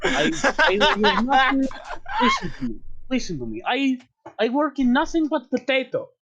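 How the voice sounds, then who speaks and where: A man's voice: very high-pitched, wildly swooping pitch, normal speed, gravelly, sharp tone, husky, no echo, dull audio, voice pushed up, exaggerated voice. A man putting on a boastful fake-Russian soldier woman. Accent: exaggerated fake Russian. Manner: hammy, insistent, denying everything. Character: hard-drinking female elite soldier, boastful, communist quirk. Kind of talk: tabletop role-play.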